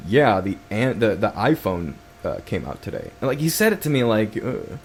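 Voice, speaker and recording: A man's voice: on the low side, big pitch swings, normal speed, hardly any pauses, slight background noise. A man hosting his first solo podcast, telling a rambling story full of swearing and restarts. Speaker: podcast host.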